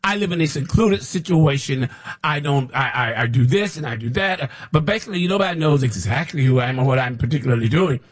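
A man preaching as a prophet in an impassioned sermon, repeating himself and rising to shouts when mocking others. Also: mid-range voice, fairly quick. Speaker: self-styled prophet preacher.

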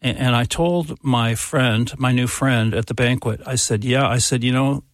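A man's voice: medium pitch, moderate pace, dry recording, clean studio sound. Chatty man hosting a radio show. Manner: conversational, anecdotal, with frequent restarts. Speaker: radio host. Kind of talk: chatty on-air storytelling and fund drive appeal.

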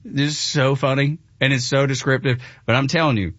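A man's voice: mid-range voice, fairly even intonation, brisk, a bit bright, no room sound, lo-fi sound. A man with a Southern US accent, hosting a casual chat, enthusiastic and often laughing. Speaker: show host.

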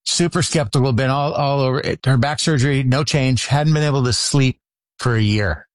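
A man's voice: medium pitch, moderate pace, no echo, clean studio sound. A man hosting an interview with a guest, chatty and encouraging in a casual back-and-forth. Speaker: chiropractor host interviewing a guest.

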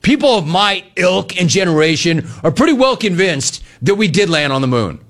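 A man's voice: high voice, sing-song, normal speed, fairly bright tone. A middle-aged man hosting a sports talk radio show, riffing sarcastically on callers and the news.

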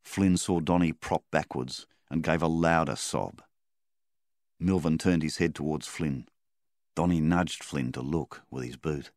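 Very deep-voiced male story narrator. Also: measured pace, darkish tone, dry recording, studio quality. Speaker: story reader. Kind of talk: audiobook narration.

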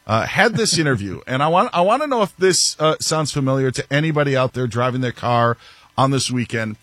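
Animated, laughing talk-show host. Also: male voice, mid-range voice, fairly quick, no room sound. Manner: animated, laughs often, self-mocking. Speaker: sports radio host. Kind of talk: casual talk show banter.

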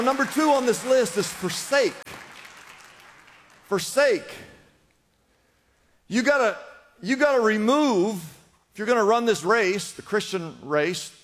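A man's voice: high-pitched, expressive, measured pace, long pauses, big-room sound, some chatter behind. A man preaching a sermon as pastor, urging his congregation on with emphatic, repeated exhortations. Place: church in Los Angeles.

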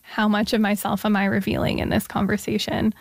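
Woman interviewer, mid-pitch voice, dry close mic, thoughtful questions. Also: little pitch movement, fairly quick, vocal fry, no room sound. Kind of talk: conversational interview.

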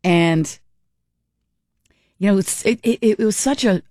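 A woman hosting a morning talk radio show, chatting in an animated way and acting out little dialogues. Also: mid-range voice, takes it slowly, no echo, clean studio sound. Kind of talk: casual talk radio commentary. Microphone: studio microphone.

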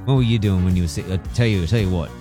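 A man's voice: low-pitched, very fast. A man hosting a radio interview in a studio, chatty and teasing. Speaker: radio host. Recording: music playing behind.

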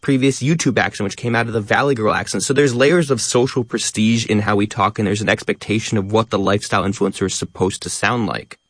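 A man talking quickly as a guest in a radio interview, stressing many of his words. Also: on the low side, steady tone, fairly bright tone, dry recording. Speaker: guest, educational content creator.

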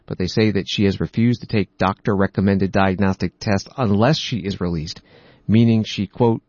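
A man hosting a news program, reading out reports and quoting articles in a measured way. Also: deep voice, darkish tone, no echo, highs cut off. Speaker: news host.

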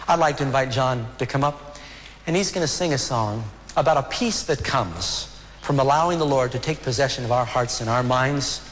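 A man preaching a sermon as a pastor, earnest and emotional, slowing down for dramatic pauses. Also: mid-range voice, a bit bright, in a large hall, slight background noise.

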